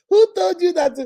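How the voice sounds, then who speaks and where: A middle-aged woman lectures on relationships in a high, mellow voice. She is animated and preachy and acts out other people's lines as she goes. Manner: animated, preachy, mimics voices and laughs often. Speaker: host. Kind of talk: motivational talk on relationships.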